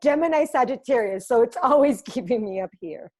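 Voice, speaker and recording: A woman's voice: a little high, expressive, a little fast, a little mellow. A woman hosting an interview podcast, enthusiastic and effusive, often laughing. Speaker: podcast host. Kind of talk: conversational interview.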